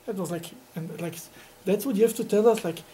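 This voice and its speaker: A man teaching a Talmud class to students, telling stories in an animated way and laughing often. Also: high voice, brisk, crowd noise, low-quality recording. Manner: animated, laughing, Yiddish-sprinkled storytelling.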